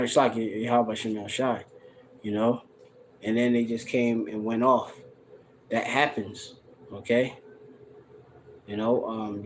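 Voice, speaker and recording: A man in a casual scripture study, loose and conversational, reading verses slowly and sounding out words to define them, recorded on a handheld phone. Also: medium pitch, darkish tone, slight background noise, poor audio. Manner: loose and conversational, heavy on "you know" and "all right". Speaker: Bible teacher. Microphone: handheld phone camera, no tripod.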